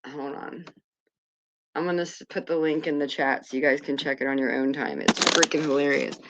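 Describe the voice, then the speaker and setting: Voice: mid-range voice, fairly even intonation, moderate pace, a bit bright, poor audio. A livestream host chatting casually, rambling and distracted, swearing offhand while sorting out links. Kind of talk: casual commentary chat.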